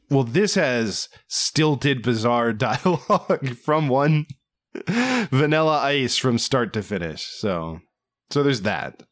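A man co-hosting a casual movie review podcast, riffing with animated disbelief. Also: mid-range voice. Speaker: podcast co-host.

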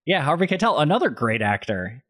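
This man co-hosts a podcast in relaxed chat, pitched mid-range. He talks in a measured, dry way and fills his pauses with ums and short hesitations. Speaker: podcast co-host. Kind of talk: casual chat.

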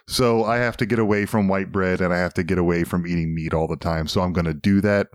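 A man with a fairly low voice and moderate pace co-hosts a casual talk show in clean studio sound with no room noise. He rambles, swears and sounds enthusiastic in easygoing chat.

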